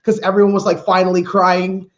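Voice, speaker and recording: A woman from Canada doing a stand-up comedy set, brash and animated, acting out her own reactions. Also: fairly low pitch, a little fast, muffled recording.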